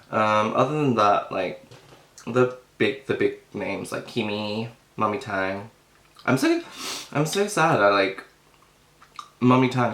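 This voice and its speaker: Recorded in a room with echo, this casual mukbang chat comes from a young man whose voice is lowish with a fairly bright tone. He eats as he talks, meandering through his thoughts with frequent fillers and a full mouth.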